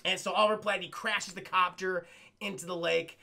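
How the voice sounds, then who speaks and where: A man's voice: sits high, steady tone, normal speed, gravelly, sharp tone. A man recapping a film on a livestream in a casual, profane way, talking to his chat. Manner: swears freely and keeps addressing chat. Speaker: streamer and film reviewer.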